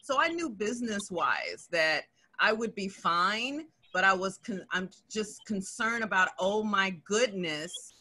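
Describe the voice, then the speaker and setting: Woman panelist, very bright and punchy voice, upbeat and encouraging. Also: medium pitch, lively intonation, a little slow. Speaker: business owner panelist. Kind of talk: panel discussion on a video call.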